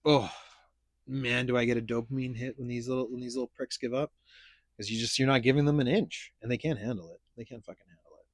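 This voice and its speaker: A man's voice: mid-range voice, fairly even intonation, fast talker, no room sound. A man hosting a casual podcast chat, telling stories in a blunt, profane, rambling way. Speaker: podcast host.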